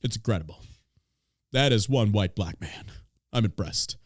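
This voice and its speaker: A man's voice: on the low side, animated, normal speed, dry recording. A man hosting a podcast, ranting in casual chat with a profane, sarcastic, mocking manner. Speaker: podcast host.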